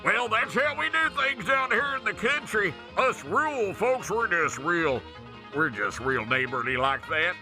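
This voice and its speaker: A man's voice: sits high, sing-song, a little slow. A man playing a rowdy, hollering redneck caller with a whooping country drawl. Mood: folksy. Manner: yelps and hollers, folksy. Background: faint country music.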